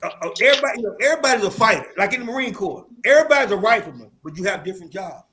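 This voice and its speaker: Older Southern man, high voice. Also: lively intonation, rapid-fire, crowd noise. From American South. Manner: rambling storyteller, keeps saying "hold up, man". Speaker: panel guest, Marine veteran. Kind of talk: casual panel discussion.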